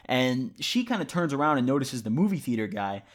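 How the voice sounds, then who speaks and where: A man's voice: mid-range voice, sing-song, a little fast. A man telling a story for his vlog in a casual, rambling way, full of "like" and swearing. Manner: rambling, heavy use of "like" and profanity. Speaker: vlogger.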